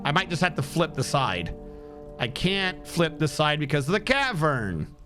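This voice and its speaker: A man's voice: fairly high pitch, sing-song, moderate pace, pushed and bright. Streamer guy muttering n counting, voice jumps all over, guitar music behind. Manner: frustrated muttering, counting tiles aloud. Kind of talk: live gameplay commentary.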